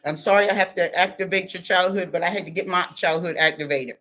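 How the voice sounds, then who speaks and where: A man's voice: high-pitched, steady tone, fast, sharp tone. A tired man talking loosely to viewers on a livestream from his home, eating as he talks. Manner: chatty, loose, eats while talking. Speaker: livestream host. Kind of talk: casual livestream talk. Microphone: computer.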